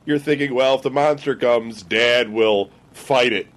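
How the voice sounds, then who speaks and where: A man hosting a casual chat, telling an animated spooky story from his childhood. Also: mid-range voice, a little slow. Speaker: podcast host.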